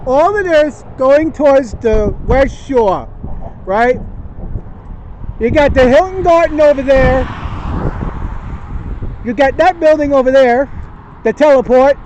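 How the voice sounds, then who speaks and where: Older man with a very high voice, slow-talking. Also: animated, a little mellow, dull audio. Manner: chatty, pointing out sights to viewers. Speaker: vlog host. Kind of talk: walking tour narration. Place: outdoors on a windy bridge by traffic. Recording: outdoor wind and traffic noise.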